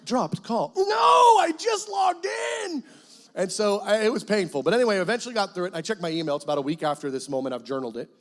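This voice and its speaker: Middle-aged pastor guy preaching his story in church, kinda high voice, gets loud and dramatic. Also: rapid-fire, hardly any pauses. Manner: animated storytelling, acts out his prayers with sudden loud cries. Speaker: guest pastor. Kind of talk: sermon testimony. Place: church sanctuary.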